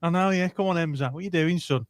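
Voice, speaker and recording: A man's voice: a little high, quick pace, dry recording. A young man hosting a casual fan podcast, chatty and laughing as he tells stories. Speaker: fan channel host.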